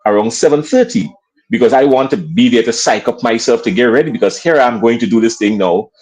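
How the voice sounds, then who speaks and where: A Grenadian man in his fifties speaks as a guest on a sports talk show. He tells his story in an animated, storytelling way, often acting out what others said. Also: mid-range voice, brisk, rough recording. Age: 50s. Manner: lively storyteller acting out quoted voices.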